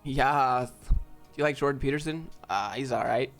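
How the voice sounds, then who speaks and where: A man from the American South answering viewer questions casually on a live stream with quick, offhand replies. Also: mid-range voice, gravelly, soft background music.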